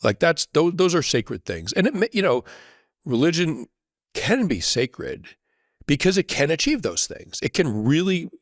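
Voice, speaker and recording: A man as a podcast guest, telling a reflective story in an earnest way, often checking in with a quick "right?". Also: fairly high pitch, very animated, no room sound, studio quality.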